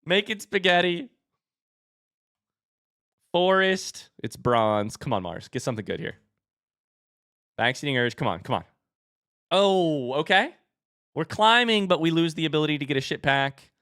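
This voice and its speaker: A young man live-streaming as he opens card packs and chats with viewers, turning excitable and hyping each reveal. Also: normal speed, pauses often, clean tone, dry recording, studio quality. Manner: excitable, bursts into high shouts; hype commentary.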